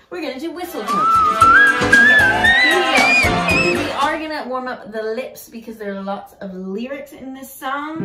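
A woman leading an online singing group through vocal warm-ups with cheerful, encouraging instructions. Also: mid-range voice. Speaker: singing circle leader and vocal coach. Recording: roomy sound from a distant mic.

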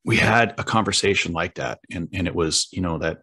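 A middle-aged man hosting a podcast, talking in a reflective and halting way as he searches for his words. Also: low-pitched, bright, forceful tone, breathy edge. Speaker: podcast host. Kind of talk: reflective conversational interview.

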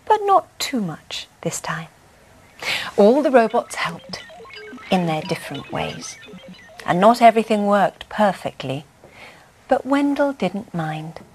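A woman reading a bedtime story aloud in a gentle, expressive way. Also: mid-range voice, slight background noise.

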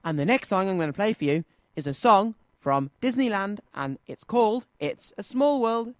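A man presenting a children's radio show, reading a story aloud with an expressive, lively delivery. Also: sits high, moderate pace. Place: radio studio.

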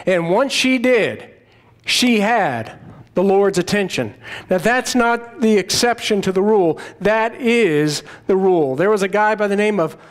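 A man preaching a sermon, retelling Bible stories in a conversational, storytelling way. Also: sits high. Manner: storytelling, conversational, retells scripture in quoted voices. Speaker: pastor.

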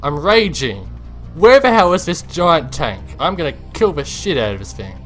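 A man narrates his game run for viewers in an excitable, unfiltered way, dropping to low mutters and then leaping into high shrieks when something startles him. He swears often and talks to himself as he plays. Quiet music sits faintly in the background. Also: normal speed. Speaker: gameplay commentator. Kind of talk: let's-play commentary.

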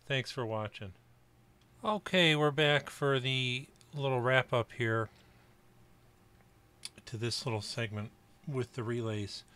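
Middle-aged guy from upstate New York, bright voice, talks his way through a kit build and wanders off into asides. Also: medium pitch, slow pace, pauses often, clean tone. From Buffalo, New York area, US. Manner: chatty, rambling asides with fillers. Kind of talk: casual workbench narration.

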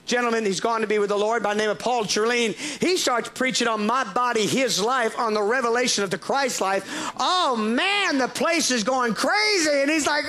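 High bright-voiced preacher telling a story. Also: male voice, moderate pace. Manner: animated, laughing storyteller with restarts. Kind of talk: sermon storytelling.

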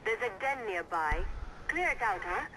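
An actress voicing a brisk, commanding rebel woman who hands out orders. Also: mid-range voice, sing-song, sharp tone, slight background noise, poor audio. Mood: instructive.

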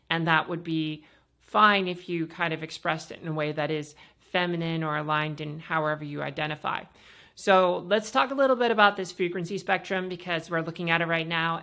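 A woman hosting a podcast, explaining voice practice in a casual, instructive way with many fillers and a pitch that moves up and down. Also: fairly bright tone. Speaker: podcast host and voice coach.

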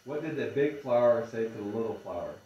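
A man's voice: on the low side, animated, fast talker, very echoey, distant mic, highs cut off. A man trading dad jokes over drinks in casual, teasing banter, often laughing. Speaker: joke-telling drinking game player.

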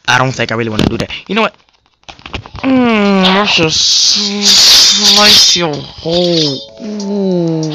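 A young man giving casual, excitable gameplay commentary as a gaming video host, trash-talking other players in slang. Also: lowish voice, very noisy. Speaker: gaming YouTuber. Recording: loud game music behind. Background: loud game music.

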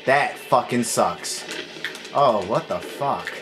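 A man's voice: mid-range voice, expressive, takes it slowly. Frustrated swearing man over game music. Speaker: let's play gamer. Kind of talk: casual gameplay commentary.

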